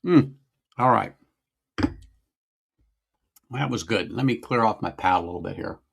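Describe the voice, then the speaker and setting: Man, middle-aged, gravelly voice, casual chatty livestream host, thinks out loud. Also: lowish voice, moderate pace. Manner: chatty, musing aloud, greets viewers. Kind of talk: casual whiskey-tasting livestream chat.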